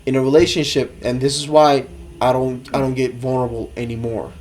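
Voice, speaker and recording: A man telling a story in casual podcast chat, animated, swearing a lot and leaning on "like". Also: medium pitch, a little fast, slight background noise. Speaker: podcast co-host.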